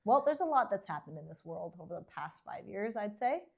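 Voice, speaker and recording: Woman from Canada, podcast co-host, dry teasing, casual chat, medium pitch. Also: sing-song, brisk, creaky, breathy edge. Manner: dry, teasing, laughs often.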